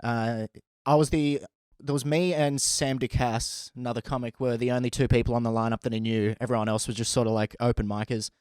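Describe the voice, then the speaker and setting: A man and stand-up comedian telling a story in a casual, animated way, often laughing as he goes. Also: medium pitch, a little fast, hardly any pauses, clear, resonant tone, dry recording.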